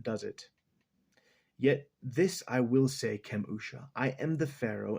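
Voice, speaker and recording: A man reading a novel aloud at home in a slow, measured, dramatic first-person style. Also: medium pitch, a little mellow. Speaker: audiobook reader.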